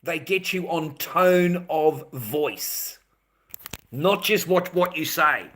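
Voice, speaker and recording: A man rants on a livestream in a blunt, profane way, hammering the same points and calling his viewers mate. His voice sits a little higher than most men's. He talks straight at his audience like a host holding the floor. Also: takes it slowly, a bit bright. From Australia. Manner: repetitive, addresses viewers as mate. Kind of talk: livestream rant.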